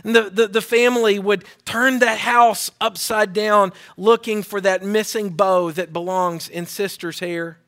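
A man's voice: high voice, steady tone, measured pace, hardly any pauses, a bit bright. A male pastor giving a sermon, reading scripture and preaching in an earnest style with call-and-response to his church. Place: church sanctuary.

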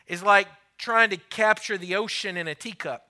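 A man's voice: sits high, normal speed, sharp tone. A man preaching a sermon in a church, emphatic and repetitive, sometimes dropping his voice to near a whisper.

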